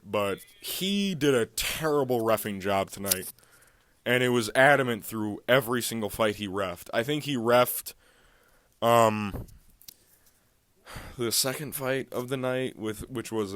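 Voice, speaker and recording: A man's voice: on the low side, a bit bright, no echo. A man hosting a casual fight recap monologue, talking in a heated, profane, ranting way. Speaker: MMA recap channel host.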